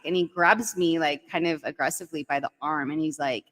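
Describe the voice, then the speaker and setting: A woman telling a dating story on a podcast, chatty and animated, saying "like" and "right?" a lot. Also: low-pitched, fairly quick, hardly any pauses, big-room sound. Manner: animated, heavy use of "like" and "right?". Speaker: guest storyteller.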